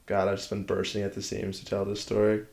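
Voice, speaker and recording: A man's voice: lowish voice, completely flat delivery, fast, gravelly, a little mellow. A man co-hosting a casual chat, telling a story in a joking way and slipping into silly voices.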